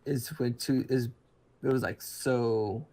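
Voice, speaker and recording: A man's voice: medium pitch, fairly even intonation, slow, warm tone. A man chatting casually about laptops, rambling, with many restarts and fillers. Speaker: podcast co-host. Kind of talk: casual chat.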